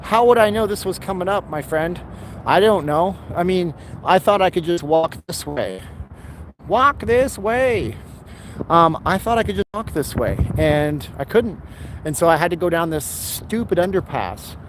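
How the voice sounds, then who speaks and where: Guy walking and vlogging live on his phone, kinda high voice, rambly and sarcastic, traffic noise. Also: expressive, moderate pace. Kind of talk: casual live-stream walking vlog. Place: outdoors along busy roads. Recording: outdoor street with traffic noise.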